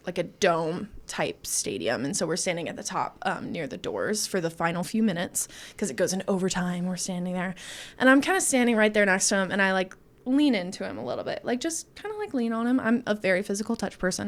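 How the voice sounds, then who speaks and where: A woman's voice: medium pitch, animated, brisk. A woman co-hosting a podcast, telling a personal story in casual chat, acting out quotes and laughing often.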